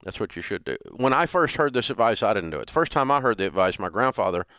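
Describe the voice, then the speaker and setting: A man's voice: fairly low pitch, very animated, fast, pushed and bright, clear, resonant tone, dry recording, studio quality. A man in his sixties hosting a call-in money advice show, telling stories in a folksy way with lots of fillers. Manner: folksy storytelling, frequent fillers and restarts. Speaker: radio show host.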